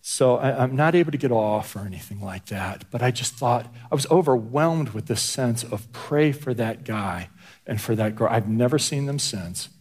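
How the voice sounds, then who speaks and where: A man's voice: mid-range voice, normal speed, a little mellow, husky. A man preaching a conversational sermon as pastor, often stumbling and repeating words as he talks. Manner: stammering repetitions, conversational.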